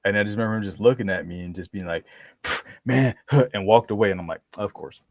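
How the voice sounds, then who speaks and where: A podcast host with a lowish voice moves at a quick pace through a casual story, full of laughs and acted-out dialogue. His delivery is animated, and the recording has no room sound.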